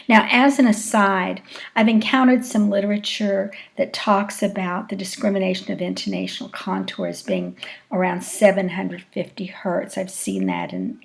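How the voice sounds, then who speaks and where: A woman giving a recorded lecture on speech acoustics, explaining deliberately and acting out short example phrases. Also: mid-range voice, vocal fry.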